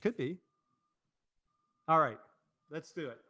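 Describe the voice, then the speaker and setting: A man's voice: a little high, animated, takes it slowly, pushed and bright, lo-fi sound. A man hosting a casual marketing livestream, rambling and cutting himself off, laughing easily. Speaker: host and agency president.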